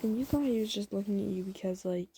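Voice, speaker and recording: A woman's voice: medium pitch, fast talker, mellow, slight background noise. A woman casually telling a fan story to the listener. She rambles, uses many fillers, and keeps restarting her sentences.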